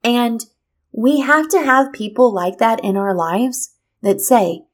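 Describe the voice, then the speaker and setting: A woman hosting a podcast, telling a personal story in a lively, expressive way and drawing a motivational lesson from it. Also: on the high side, takes it slowly. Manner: lively, expressive storyteller who acts out what people said. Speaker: podcast host.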